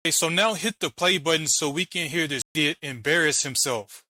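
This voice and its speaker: A man's voice: fairly high pitch, fairly quick, sharp tone, no room sound, poor audio. A man hosting a reaction video, arguing and mocking while he explains letter by letter. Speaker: channel host reacting to a debate clip. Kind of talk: argumentative commentary.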